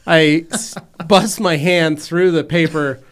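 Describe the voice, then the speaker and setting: A man's voice: on the high side, fairly even intonation, slow pace. A man co-hosting a podcast in a studio, telling a story in a casual chat and acting out the voices of his family. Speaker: podcast co-host.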